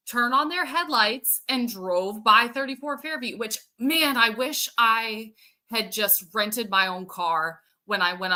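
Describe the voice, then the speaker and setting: A woman's voice: fairly high pitch, sharp tone. A woman hosting a casual livestream, chatting and answering viewer comments while thinking aloud with plenty of fillers. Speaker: show host.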